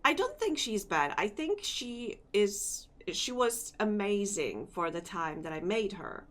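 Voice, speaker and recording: Slow-talking sleepy woman streamer. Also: medium pitch, sing-song. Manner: rambling, repeats phrases, talks to chat. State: sleepy, yawning. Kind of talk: casual live-stream chat.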